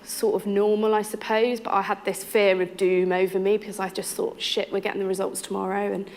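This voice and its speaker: Woman, 30s, frank personal storytelling, middle pitch, acts out quotes. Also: brisk. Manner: candid, frank, lively quoting of others and herself. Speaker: interviewee telling her story.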